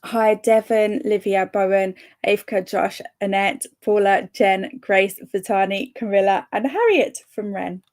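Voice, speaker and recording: A young woman chats on her live reading stream in a bubbly, easygoing way. She reads viewers' comments aloud, laughs often and stumbles over a word here and there. Her pitch sits mid-range. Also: a little slow, hardly any pauses, a little mellow. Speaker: livestream host of reading sprints.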